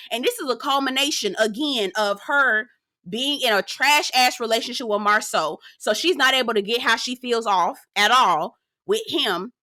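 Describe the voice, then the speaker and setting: A young adult woman reviewing a reality TV episode in a sassy, profane, animated recap, often breaking into laughter. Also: fairly high pitch, no room sound, clean studio sound. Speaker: TV show reviewer.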